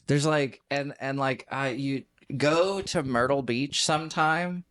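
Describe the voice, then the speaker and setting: A man's voice: mid-range voice, slow, a bit bright. A man with a Southern US accent chatting casually as a podcast guest, rambling, swearing and laughing often. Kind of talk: casual chat.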